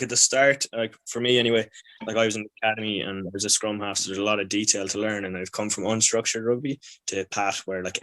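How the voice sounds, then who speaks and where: A young man talks in a relaxed, offhand way, leaning on "like" as he goes. His voice is very low and stays fairly flat, with little rise and fall. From Sligo, Ireland. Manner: relaxed, lots of "like" fillers. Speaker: guest, professional rugby player. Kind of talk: casual podcast chat.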